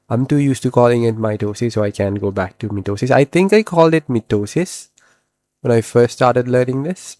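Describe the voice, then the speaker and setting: A man giving a recorded biology lesson, asking questions and then answering them himself, and slowing down to stress key terms word by word. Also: medium pitch, a little mellow, no echo. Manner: explanatory, asks and answers his own questions. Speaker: biology teacher.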